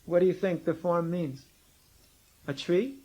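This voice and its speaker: A man's voice: unhurried, dark tone, muffled recording. A man lecturing a class, teasing and arguing with students and pressing his point with emphatic insistence, on an old cassette tape recording. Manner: teasing, argumentative, rises to emphatic high-pitched insistence.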